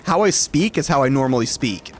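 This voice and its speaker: A man's voice: medium pitch, expressive, brisk, soft background music. A man from Alabama chatting casually with his stream viewers, rambling and correcting himself as he goes. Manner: rambling and self-correcting, light chuckles.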